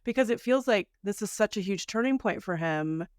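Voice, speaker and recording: A woman's voice: medium pitch, expressive, fairly quick, a little mellow, no room sound, clean studio sound. A woman co-hosting a podcast in casual chat, reflective and chatty, laughing often. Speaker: podcast co-host.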